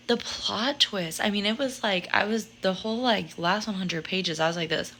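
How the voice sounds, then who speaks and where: A woman talking slowly and excitedly about her reading in a casual vlog, giggling and sometimes dropping to a whisper. A faint hiss sits under her voice. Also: medium pitch, low-quality recording. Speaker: book vlogger.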